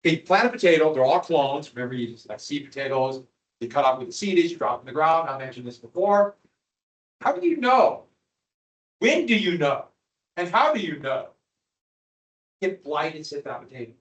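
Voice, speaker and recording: Male history teacher, animated classroom lecture, higher voice, distant mic, echoey room. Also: brisk. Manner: animated, asks the class questions.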